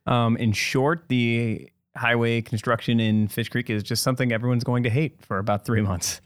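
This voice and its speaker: A man's voice: mid-range voice, steady tone, moderate pace, clear, resonant tone, no echo. A man, a writer and editor, chatting on a podcast with wry dry humor and plain explanations. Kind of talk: casual chat.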